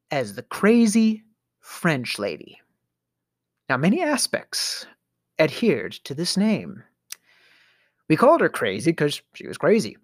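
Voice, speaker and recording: A man's voice: a little high, no echo, clean studio sound. A middle-aged man hosting a podcast, telling a storytelling rant in a theatrical way, with sighs, stammers and sudden whispers. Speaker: podcast host.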